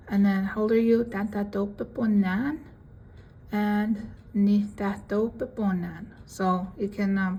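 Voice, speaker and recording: A woman giving a casual language lesson, reading out word lists with their English meanings in a relaxed, chatty way. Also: medium pitch, low-quality recording. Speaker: language teacher.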